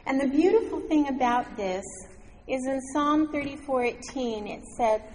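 A woman telling a personal story as part of a sermon, earnest and slowing down for emphasis. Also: fairly high pitch, darkish tone, slight background noise. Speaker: speaker at a church gathering. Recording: echoey hall, faint ambience.

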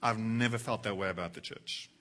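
A man preaching a sermon, reading scripture aloud and moving between hushed, quiet passages and loud, emphatic quoted lines. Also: lowish voice, fairly quick, a little hiss or hum. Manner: dramatic, swings from hushed to loud when quoting scripture. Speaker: pastor.

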